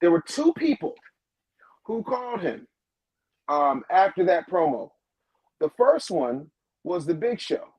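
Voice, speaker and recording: A man who manages wrestlers, telling a backstage story as a guest, acting out the quotes in a lower voice. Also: sing-song, unhurried, pauses often, a little mellow, husky, dry recording, rough recording. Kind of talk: animated storytelling.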